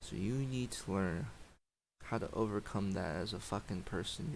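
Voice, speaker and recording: Deep gravelly-voiced man ranting on stream. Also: animated, moderate pace, background noise. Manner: heated, profane, sighing. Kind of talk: emotional livestream rant.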